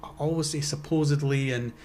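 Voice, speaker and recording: A man's voice: a little high, steady tone, a little fast, a little mellow, a little hiss or hum. A young man, co-hosting a casual podcast chat and rambling with lots of restarts and swearing. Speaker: podcast co-host.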